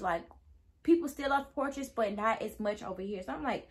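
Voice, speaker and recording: A woman's voice: mid-range voice, quick pace, vocal fry. A young woman telling a casual storytime to her viewers, chatty and easily sidetracked, acting out quoted dialogue. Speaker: vlogger.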